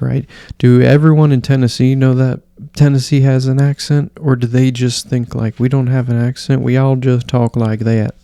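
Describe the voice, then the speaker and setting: Gravelly, profane man rambling solo. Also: medium pitch, warm tone, dry recording, clean studio sound. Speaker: podcast host. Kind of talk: casual solo podcast rant.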